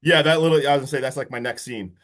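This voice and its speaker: A man co-hosting a podcast, recapping a horror movie in an excitable, casual chat full of swearing and "like". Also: mid-range voice, very fast. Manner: excitable, swears freely, heavy use of "like". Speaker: podcast co-host.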